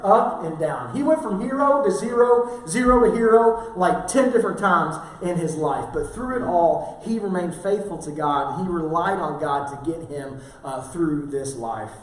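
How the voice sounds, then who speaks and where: This male pastor's high voice is animated and unhurried, with hardly any pauses, as he preaches and tells stories casually, leaning on lots of fillers. He's in a church sanctuary, recorded from far away in a very echoey hall.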